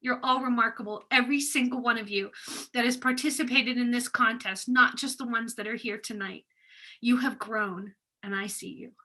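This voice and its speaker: A woman's voice: on the high side, steady tone, low-quality recording. Choked-up woman giving a heartfelt award speech. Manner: heartfelt, pausing with soft laughs. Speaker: educator receiving an award. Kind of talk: emotional acceptance speech.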